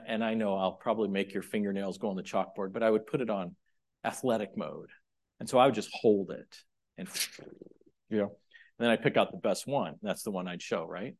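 A middle-aged man preaching a sermon, moving between loud, emphatic points and quiet, chatty asides to the congregation. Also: fairly low pitch. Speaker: pastor.

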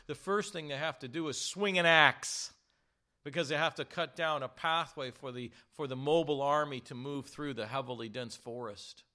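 A man preaching a sermon, animated, asking the congregation rhetorical questions and slowing down to stress key words. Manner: slows and drops low to stress key words. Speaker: pastor.

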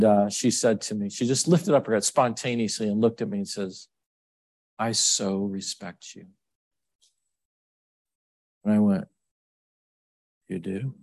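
A middle-aged male pastor preaching a sermon in an emotional, rambling way, with frequent restarts and sudden jumps up and down in pitch. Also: darkish tone, dry recording.

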